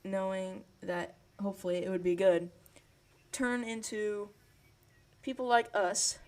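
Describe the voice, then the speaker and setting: Slow, hesitant young man. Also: sits high, fairly even intonation, darkish tone. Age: young adult. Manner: hesitant, full of ums and pauses. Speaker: podcast co-host. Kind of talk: casual chat.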